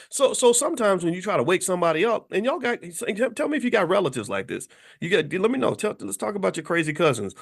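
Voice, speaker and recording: A podcast host from Kentucky, USA delivers passionate social commentary, talking emphatically with frequent restarts and repeated words. His high-pitched, creaky voice is very animated, and he talks fast with hardly any pauses.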